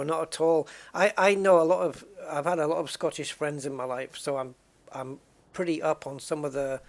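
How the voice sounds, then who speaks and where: A man chatting casually as he plays a game, rambling and often restarting his sentences. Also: on the high side. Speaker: game streamer. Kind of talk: casual chat while gaming.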